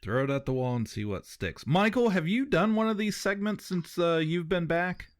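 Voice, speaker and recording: A man's voice: high-pitched, expressive, normal speed, no room sound, clean studio sound. A man co-hosting a podcast, keeping the talk moving and joking in casual chat. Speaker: podcast co-host.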